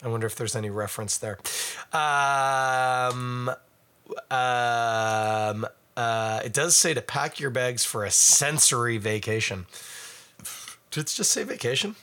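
A man's voice: medium pitch, slow pace, bright, forceful tone, clean tone. A man giving a casual, rambling beer tasting review full of asides.

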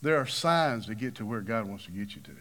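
A man preaching a sermon, acting out the people in his stories with big swings of voice. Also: a little fast. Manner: animated, acts out quoted figures with big pitch swings.

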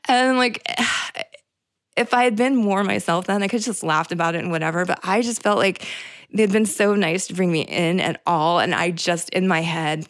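A woman's voice: on the low side, brisk, no echo, clean studio sound. A young woman hosting a casual solo podcast, rambling with lots of "like" fillers and frequent swearing. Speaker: podcast host.

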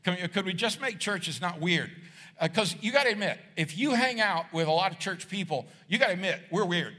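A man's voice: high voice, fairly quick, slightly rough. A middle-aged man preaching a casual, jokey sermon to a church crowd, acting out voices as he goes. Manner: animated, jokey, acts out voices. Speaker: pastor. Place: large church hall with audience. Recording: long hall reverb.

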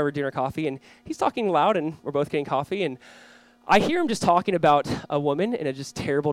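A young male pastor delivers his sermon at a quick clip, his voice sitting a touch high. He tells stories with lots of energy and acts out the voices in them. The sound is dry and close. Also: dry recording. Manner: animated storytelling, acts out quoted voices.

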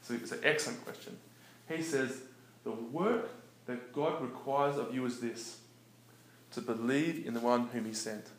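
A man giving a casual, animated teaching talk about faith, conversational and laughing often. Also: mid-range voice, a little slow. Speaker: preacher. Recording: echoey room with faint noise.

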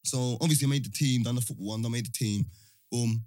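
A young man, animated and full of slang, telling a story in casual chat. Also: medium pitch, quick pace, dry recording, clean studio sound.

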